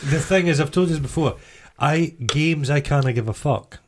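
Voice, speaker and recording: A man's voice: on the high side, moderate pace, slight background noise. A Scottish man co-hosting a podcast, dry and rambling, often tripping over his words. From Scotland. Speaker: podcast co-host. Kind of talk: casual banter.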